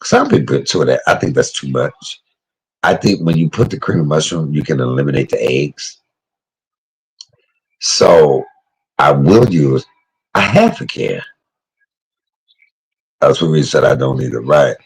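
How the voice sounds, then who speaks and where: Man, very low pitch, raspy husky tone, casual cooking vlog, warm-hearted chatter. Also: animated, a little slow, long pauses, low-quality recording. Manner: emotional, chatty, talks to live chat by name. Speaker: cooking vlogger. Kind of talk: casual cooking talk to viewers.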